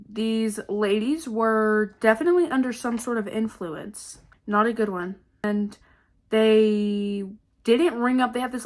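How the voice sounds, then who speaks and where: A woman's voice: a little high, a bit bright. A young woman vlogger telling stories in a dramatic, casual way, swearing often and calling her viewers guys. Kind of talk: casual storytelling to camera.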